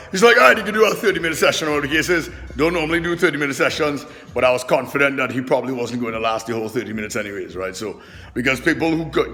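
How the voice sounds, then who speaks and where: Loud, animated, profane male trainer. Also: mid-range voice, big-room sound. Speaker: personal trainer and vlogger. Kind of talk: loud casual monologue to camera. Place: fitness gym.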